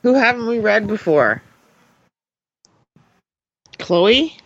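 A woman's voice: on the high side, big pitch swings, extremely slow, dry recording, lo-fi sound. A woman co-hosting a podcast, reading a listener email aloud in a playful way and laughing now and then. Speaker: podcast co-host.

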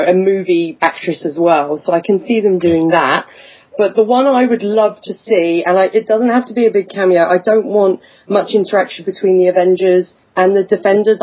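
A woman's voice: fairly low pitch, dull audio. A woman hosting a podcast in casual chat, chatty and giggly with frequent fillers. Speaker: podcast host.

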